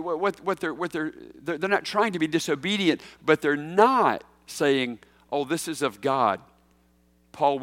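A man preaching a sermon as senior pastor, shifting between slow emphatic phrases and quick asides, with sudden loud, high bursts when he voices a quoted figure. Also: no echo.

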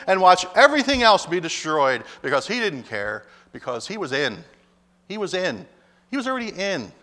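High, lively preaching man in a hall. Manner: emphatic preaching, voicing God and Jonah in turn. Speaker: pastor. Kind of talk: sermon.

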